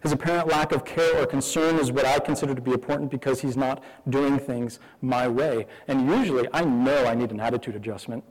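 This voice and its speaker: A man's voice: mid-range voice, brisk, few pauses, big-room sound, poor audio. A man preaching a sermon as pastor, candid and conversational, asking the listeners many questions.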